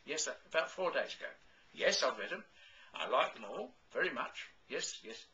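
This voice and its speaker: Genteel, lively-voiced man on the phone. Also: medium pitch, moderate pace, dull audio. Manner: genteel, chatty and fussy. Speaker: comedy performer. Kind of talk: one-sided comic phone call.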